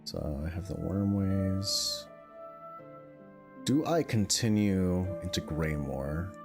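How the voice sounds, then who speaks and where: A male streamer playing a game and talking loosely to his viewers. He rambles and stumbles over his own words, swears casually, and his pitch jumps around animatedly. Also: animated, slow pace, music in the background.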